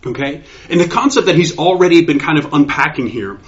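A man with a fairly high voice preaches a sermon, eager and quick to repeat himself as his thoughts run ahead. The sound is dull and lo-fi, with the top end rolled off. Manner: excitable, restarts and repeats words. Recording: dull lo-fi recording.

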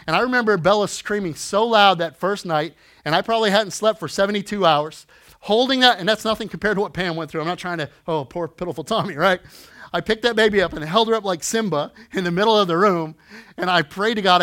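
Pastor, male, forties, high voice, chatty sermon, swings between hushed and loud. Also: fast. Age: 40s. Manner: conversational, often adds "right?"; swings from quiet asides to loud emphatic lines.

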